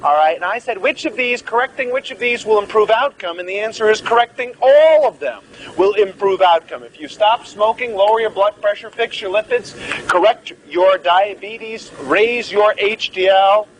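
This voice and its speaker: A man's voice: high-pitched, moderate pace, rough recording. A man giving a live medical lecture, joking and theatrical as he quizzes the class.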